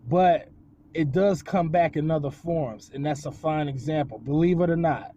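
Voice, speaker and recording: A man vlogging outdoors, telling a rambling, jokey story in a casual, animated way. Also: a little high, moderate pace, a little hiss or hum. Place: outdoors on a windy day.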